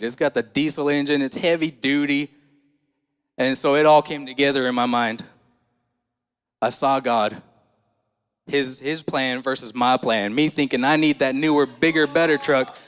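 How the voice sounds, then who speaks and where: A man preaching, folksy and conversational, turning to the congregation with questions. His voice is smooth and resonant, pitched in an ordinary middle range. The sound carries a long reverb from a church hall. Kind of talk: sermon with personal story.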